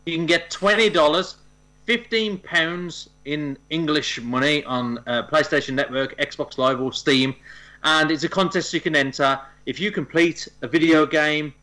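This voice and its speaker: A man's voice: a little high, steady tone, unhurried, pushed and bright. A man co-hosting a gaming podcast, explaining a listener contest in a giggly, self-deprecating way. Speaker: podcast co-host.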